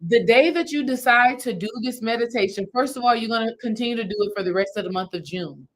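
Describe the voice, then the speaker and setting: Talking fast with a fairly high pitch, a woman spiritual healing coach guides her live audience through a meditation. Her approach is step by step, casual, and repetitive, and the audio quality is poor.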